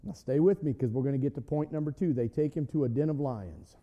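A male pastor preaching a sermon in an animated way, often shouting. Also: medium pitch, fast talker, long reverb tail, dull audio.

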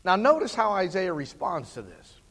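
A man's voice: high-pitched, wildly swooping pitch, moderate pace. Preacher man with a roomy hall echo. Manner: swings from hushed to shouting climaxes. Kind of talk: sermon. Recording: long hall reverb.

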